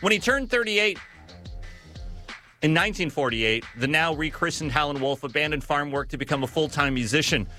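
A man giving scripted narration on music history in a measured, storytelling manner with occasional self-corrections. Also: a little high, lively intonation, sharp tone.

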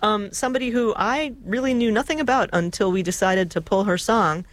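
Chatty radio co-host, dry sound. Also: female voice, mid-range voice, fairly quick, dry recording. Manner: chatty, laughing, with many fillers. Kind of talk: casual radio chat.

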